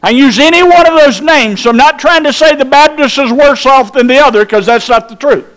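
A man's voice: extremely high pitch, brisk, fairly bright tone. A pastor preaching a sermon, emphatic and drawn out, putting questions to his congregation.

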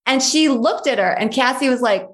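A woman's voice: sits high, animated, moderate pace. A woman recounting a family story as an interview guest. She leans on repetition for emphasis and slips into others' voices when she quotes them. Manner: emphatic, repeats key phrases. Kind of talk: personal storytelling.

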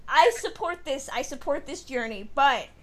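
A woman co-hosting a film podcast, joking and animated in casual chat. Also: high-pitched, normal speed. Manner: joking, animated, laughs a lot. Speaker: podcast co-host.

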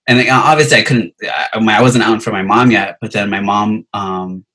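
A young man with a bright, forceful and somewhat low voice tells a personal story in a relaxed podcast chat. He rambles and fills his talk with filler words. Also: brisk, poor audio. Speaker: podcast guest telling a story.

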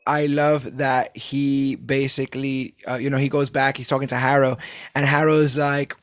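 A man hosting a casual chat, talking in a rambling, animated way and swearing casually. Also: medium pitch, moderate pace, no echo, studio quality, soft background music.

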